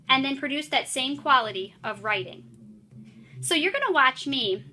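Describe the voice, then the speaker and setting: Bright-voiced woman teaching writing. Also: high-pitched. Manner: clear, encouraging, explanatory. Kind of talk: classroom mini-lesson.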